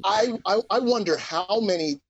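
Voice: medium pitch, moderate pace, dull audio, crowd noise. A podcast guest in casual chat, enthusiastic and swearing freely. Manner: swears a lot, animated and enthusiastic.

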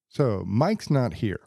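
A man hosting a podcast alone as a psychologist, explaining ideas step by step in a steady, lecturing way. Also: medium pitch, vocal fry, dry recording, clean studio sound. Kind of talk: casual solo podcast talk. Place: podcast studio.

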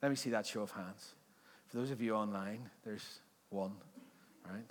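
A man's voice: fairly low pitch, moderate pace. Man, pastor, sermon, chatty and joking, asks the congregation questions. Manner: conversational, joking, quizzing the congregation. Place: church service before a congregation.

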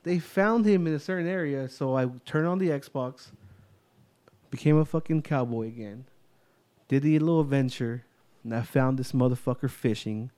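A man co-hosting a casual podcast, telling a story in an animated, heavily profane way. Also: medium pitch, normal speed. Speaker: podcast co-host. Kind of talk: casual chat.

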